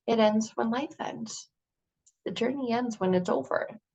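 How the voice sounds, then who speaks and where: A woman giving an earnest, animated motivational talk, full of rhetorical questions. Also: on the high side, unhurried, creaky, breathy edge. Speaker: motivational speaker.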